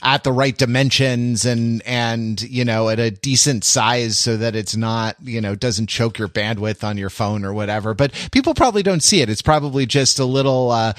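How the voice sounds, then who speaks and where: A man's voice: mid-range voice, moderate pace, few pauses, dry recording, clean studio sound. Rambling, joking male podcast host. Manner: rambling and jokey, many fillers and restarts. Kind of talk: casual chat.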